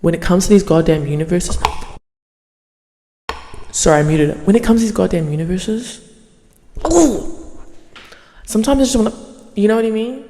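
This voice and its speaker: A young woman hosting her podcast in a casual monologue, swearing freely and yapping in an animated way. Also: medium pitch, in a large hall, a little hiss or hum. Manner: profane, animated, fast yapping. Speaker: podcast host.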